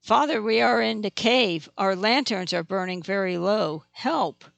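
Small, brave young woman in an audiobook, excited and calling out, read by the narrator. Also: medium pitch, unhurried, creaky, no room sound. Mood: frightened.

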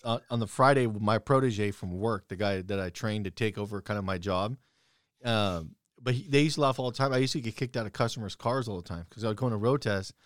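A man's voice: lowish voice, brisk, dry recording, studio quality. A young man telling stories bluntly and profanely in casual chat, quoting his own heated retorts.

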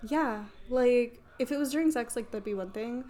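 A woman's voice: on the high side, normal speed, warm tone. A young woman telling a rambling story in casual chat, giggling and full of fillers.

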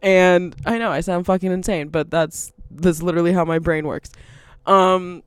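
A woman's voice: on the low side, fairly even intonation, moderate pace, clear, resonant tone, no echo. Casual woman, chatty and unfiltered, laughs mid-sentence, dry close mic. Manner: rambling, laughs often, swears freely. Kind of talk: casual monologue.

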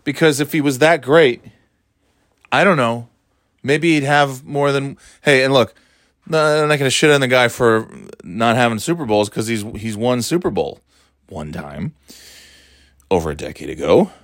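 A man's voice: medium pitch, lively intonation, moderate pace, a bit bright, no room sound, clean studio sound. A man from the northeastern United States hosting a solo podcast, rambling and ranting with sarcasm and plenty of swearing. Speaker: podcast host. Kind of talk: casual solo podcast monologue.

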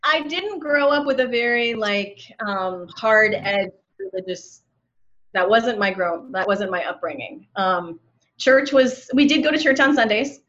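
A fifty-year-old woman who works as a relationship coach speaks openly and reflectively in a casual conversation, peppering her speech with "like" and "um." Her voice is fairly high and a little bright, her pace a touch slow, and the recording sounds dull and lo-fi.

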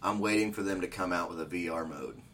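Agreeable podcast co-host, man with a lowish voice, faint hiss behind. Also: fast, fairly bright tone. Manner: agreeable, adds short remarks. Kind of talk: casual chat.

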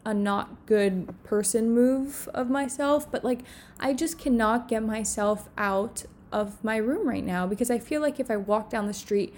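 Young woman close to crying, talking alone in her room in a rambling confessional vlog; voice a bit high, faint room hiss behind. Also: a little slow, darkish tone. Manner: tearful, rambling, heavy on filler words. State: on the verge of crying. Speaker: content creator.

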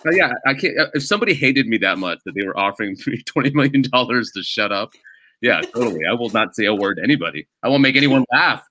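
A man's voice: mid-range voice, animated, quick pace, sharp tone, a little hiss or hum. A man, a stand-up comedian, telling stories in a casual podcast chat and laughing as he talks.

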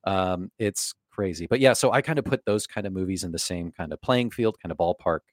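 Low-ish guy rambling casually on a movie podcast, swears a bunch, dry close sound. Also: a little fast, no echo. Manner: loose and chatty, swears casually. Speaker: podcast co-host. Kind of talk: casual film-review chat.

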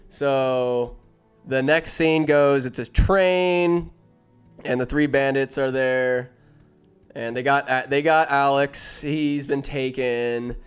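A man's voice: medium pitch, steady tone, takes it slowly, smooth, faint music behind. A man giving a casual, rambling, jokey recap of a movie, often interrupting himself.

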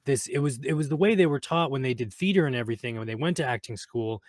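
A man's voice: medium pitch, fast talker, no echo. Man, podcast co-host, casual chat, chatty, dry recording.

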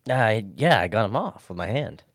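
A young man with a low voice, telling crude stories in a flat, deadpan way during casual podcast chat. He sounds close and dry. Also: normal speed, dry recording. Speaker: podcast co-host. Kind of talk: casual banter.

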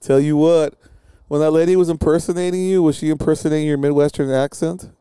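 A man hosting a loose, chatty podcast, with a mellow and very clean voice. He is recorded close in a dry space. He asks questions in an easygoing way and swears casually. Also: on the high side, steady tone, fast, clear, resonant tone, no room sound. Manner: laid-back, swears casually. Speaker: podcast host. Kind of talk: casual chat.

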